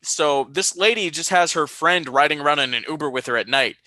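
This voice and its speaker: A young man hosts a casual podcast, bright and forceful in tone. He tells stories with animation, often jumping up high to act out what others said. The sound is dry and close, with no room around it. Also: brisk, no room sound. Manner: animated storytelling, high-pitched quoted voices. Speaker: podcast host.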